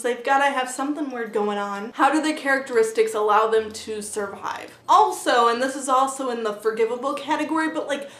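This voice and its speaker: A woman talks through a book review in a loose, casual vlog style, leaning on "like" and dropping the odd swear word. Her voice sits a little on the high side. The room rings back with a noticeable echo. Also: a bit bright. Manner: chatty, heavy use of "like" fillers; blunt, swears freely. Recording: roomy echo.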